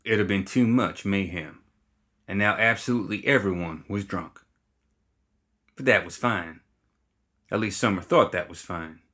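Low-voiced man reading a story. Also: moderate pace, pauses often, pushed and bright. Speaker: audiobook reader. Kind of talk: scripted fiction narration.

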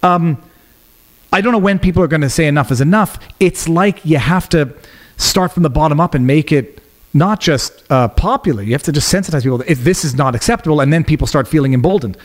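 A man from Canada, a guest on a podcast, talking politics in a rapid, animated way with frequent restarts and trailing phrases. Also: a little high. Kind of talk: casual political chat.

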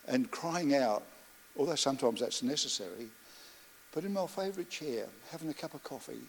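Man preaching a sermon, fairly high voice. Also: a little hiss or hum. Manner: storytelling, rhythmic lists, soft reflective asides. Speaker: pastor.

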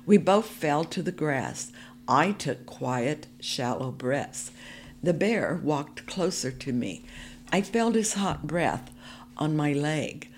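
Low-voiced, slow woman storyteller. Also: a little hiss or hum. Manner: calm, measured first-person storytelling. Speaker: narrator. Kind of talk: storybook reading for a podcast.

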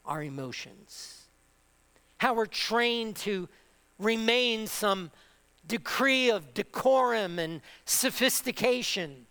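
A man's voice: high voice, bright, forceful tone, clean tone. A man preaching a sermon with passion, building through repeated phrases and rhetorical questions.

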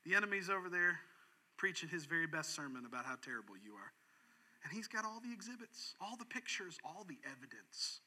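A male pastor preaching a sermon in an animated way, swinging from loud, emphatic lines down to hushed, quiet ones. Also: on the high side, a little fast, breathy edge.

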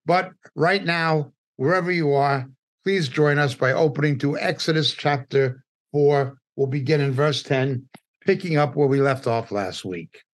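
Slow, deliberate New teacher. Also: male voice, on the high side. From New York. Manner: deliberate, emphatic, pausing between phrases. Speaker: Bible teacher. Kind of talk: midweek Bible study teaching.

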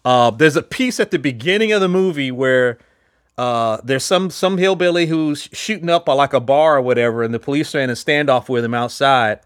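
A man's voice: mid-range voice, a little fast, smooth, dry recording, studio quality. A man casually chatting as a podcast host, rambling with lots of fillers and restarts. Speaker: podcast host reviewing films. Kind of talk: casual chat.

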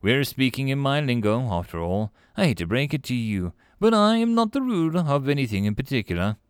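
A man's voice: medium pitch, sing-song, fairly quick, clean tone, dry recording, clean studio sound, close to an everyday voice. A man voicing a wry, skeptical young woman in a sci-fi storybook reading, talking in a sardonic, incredulous way. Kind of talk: audiobook character voice.

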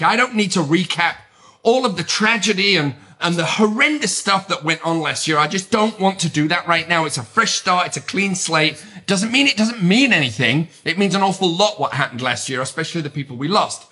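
A middle-aged British man speaks in a high, bright, ringing voice. He hosts a podcast and talks with energy and strong emphasis. His tone stays upbeat. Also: expressive, moderate pace. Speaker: podcast host. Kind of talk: motivational podcast monologue.

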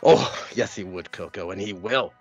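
A man's voice: sits low, normal speed, slightly rough, faint music behind. A man playing a brooding wrestler with a pet snake, taunting his rival in a menacing, intense way.

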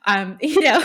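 A woman coach co-hosting a podcast, explaining her craft in a casual, animated way with frequent laughs and everyday examples. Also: very high-pitched. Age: adult.

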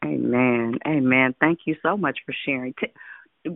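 Woman pastor, prayer-line host; gravelly, affectionate, heard over a dry, tinny phone line. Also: a bass voice, unhurried, dry recording. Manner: affectionate, calls callers babe and sugar. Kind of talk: casual prayer-line chat.

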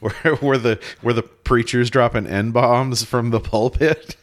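A man's voice: medium pitch, fairly even intonation, slow. A man co-hosting a casual podcast chat, talking in a wry, rambling way with frequent restarts. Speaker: podcast co-host.

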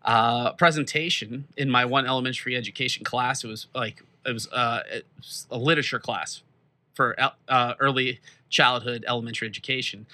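A young man co-hosting a casual podcast, telling a rambling, animated story and laughing often. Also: medium pitch, a little fast. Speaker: podcast co-host. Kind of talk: casual chat, played as an old episode clip.

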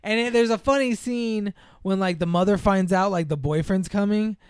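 A man's voice: high-pitched, moderate pace, clean tone, no echo, studio quality. A man in casual chat recapping a film's plot, rambling with lots of fillers and acting out the characters' lines.

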